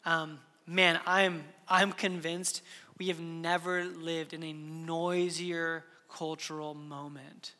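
A man's voice: a little high, level tone, slow, sharp tone, in a large hall. A man in his thirties preaching a sermon earnestly, with frequent restarts and sudden drops to a whisper. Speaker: pastor.

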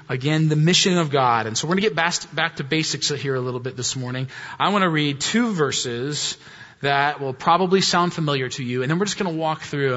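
A man preaching a sermon, chatty and self-mocking, with a bright, forward and slightly high voice. He sounds like a pastor talking to his congregation. The recording has a long church-hall echo and a dull, lo-fi quality. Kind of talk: sermon with a humorous personal story.

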